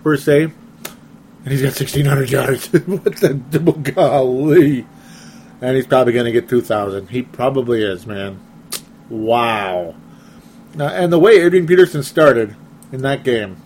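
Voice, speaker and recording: A man's voice: medium pitch, darkish tone, a little hiss or hum. A man hosting a casual sports talk show, reading listener comments and chatting in a self-deprecating way with frequent laughs.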